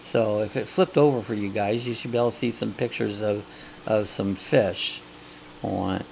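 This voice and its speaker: A man's voice: fairly low pitch, fairly even intonation, normal speed, gravelly, darkish tone, a little hiss or hum. A man hosting a casual live coffee chat, talking in a rambling, folksy way with lots of fillers and restarts.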